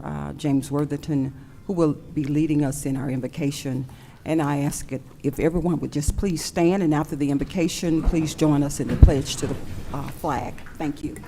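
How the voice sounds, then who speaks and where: A woman's voice: low-pitched, gravelly, warm tone, a little hiss or hum. A woman chairing a county board meeting, presiding in a formal, gracious way.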